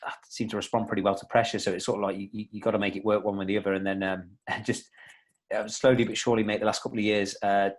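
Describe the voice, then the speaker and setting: Podcast guest: young man, lowish voice, loose rambling chat full of restarts. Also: flat delivery, racing. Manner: rambling, many restarts and fillers, laughs a lot. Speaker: podcast guest, fitness coach.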